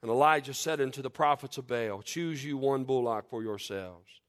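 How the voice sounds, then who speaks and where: Man, preacher, fervent sermon, swings from loud emphatic peaks to hushed prayer. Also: medium pitch, normal speed. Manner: fervent, rising to loud emphatic peaks then dropping quiet; reads scripture in King James wording. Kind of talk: sermon with scripture reading and prayer.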